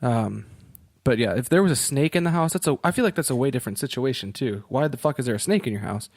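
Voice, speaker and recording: Male co-host from Virginia, mid pitch, dry sound, rambling and self-deprecating. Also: expressive, quick pace, a little mellow, no room sound. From Virginia, USA. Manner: rambling, self-mocking, swears casually, laughs often. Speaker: podcast co-host. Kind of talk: casual podcast chat.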